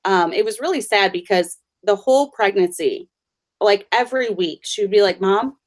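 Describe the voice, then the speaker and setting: A woman host of middling pitch tells family stories in a chatty, conversational way. She laughs easily between anecdotes. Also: animated, normal speed. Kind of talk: conversational storytelling.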